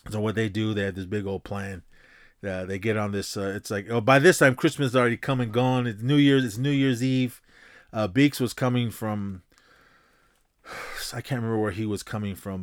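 A man hosting a podcast, casually recapping a film in a rambling, halting way, with lots of fillers and restarts and the odd chuckle. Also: on the low side, no echo, studio quality. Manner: chuckles while retelling. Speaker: podcast host.

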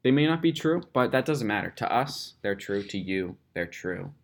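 Male podcast co-host, lower register, loose and playful banter. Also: animated, normal speed, creaky. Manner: chatty, playful, uses lots of fillers. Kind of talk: casual chat.

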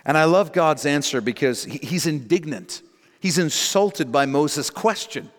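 A man's voice: on the high side, lively intonation, unhurried. A male pastor preaching a sermon in a church, emphatic and direct, repeating his key phrases for weight. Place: church sanctuary. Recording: long reverb in a large hall.

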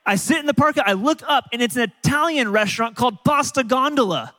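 A man's high, bright voice carries through the long reverb of a large church hall. He preaches as a pastor, telling stories in an animated way and often stopping to restart his sentences. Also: quick pace. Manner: animated storytelling with frequent restarts. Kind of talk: sermon.

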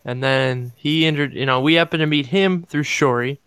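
A man's voice: on the high side, normal speed, fairly bright tone, smooth, no echo. Rambling man in a dry room. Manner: rambling, restarts mid-thought. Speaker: co-host. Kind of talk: casual chat.

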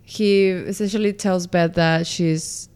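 A woman's voice: on the low side, steady tone, slow pace, darkish tone, smooth. A woman casually recapping a show with a friend, laughing often and swearing as she acts out lines.

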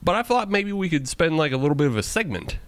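A man's voice: a little high, sing-song, fast talker, clean tone, no echo. A man hosting a casual beer-tasting podcast, joking and laughing often as he talks. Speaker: podcast host.

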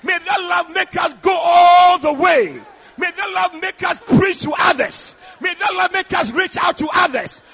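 A man preaching a fiery sermon, shouting repeated lines with call-and-response cries. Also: very high-pitched, measured pace, gravelly, some chatter behind.

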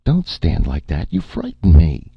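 A man voicing a frightened, pleading young woman in a storybook reading, raising his voice high and making it quaver. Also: wildly swooping pitch, measured pace, gravelly, slightly rough, no echo, dull audio, full character voice. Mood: alarmed.

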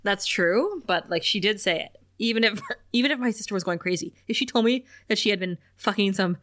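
A young adult woman chats casually as a podcast co-host, laughing easily as she retells scenes. She acts out quoted lines with lively pitch jumps. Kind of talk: casual chat recapping a TV episode.

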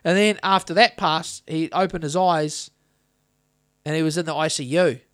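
High-voiced man telling stories. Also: normal speed, no echo, studio quality. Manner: rambling, swearing anecdotal storyteller. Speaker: podcast host. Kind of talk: casual podcast chat.

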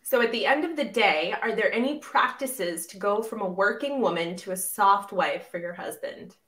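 A woman podcast host who talks in an animated, opinionated way, often repeating words as she starts a point. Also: medium pitch, normal speed. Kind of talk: conversational podcast interview. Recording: roomy, distant mic.

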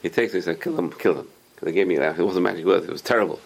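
A man's voice: low voice, very fast, creaky, breathy edge. A man telling a religious story with a moral lesson, acting out the characters' lines. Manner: animated, acts out characters' lines.

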